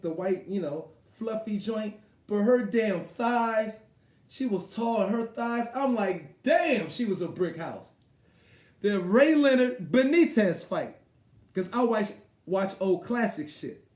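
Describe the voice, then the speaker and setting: A man hosting a live boxing stream, talking in a crude, excitable, rambling way full of slang. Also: high-pitched, reverberant. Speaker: boxing show host. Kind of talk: casual live-stream chat.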